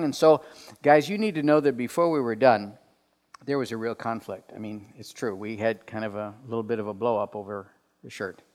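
A man delivering a sermon as pastor, telling stories with lively put-on voices and dropping to quiet asides. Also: medium pitch, fairly quick. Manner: animated storytelling, drops to quiet asides. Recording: long reverb of a large hall.

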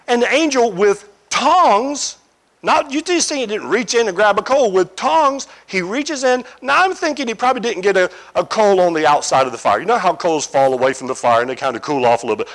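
A man preaching a sermon, telling a scripture scene as a vivid, animated story. His voice sits high for a man. His intonation swings widely as he leans into each image. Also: fairly quick. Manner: animated storytelling, imaginative asides.

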